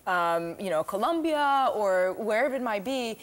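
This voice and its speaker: A woman's voice: mid-range voice, animated, normal speed. A woman from Spain, a nutritionist guest giving friendly, matter-of-fact advice on a talk show.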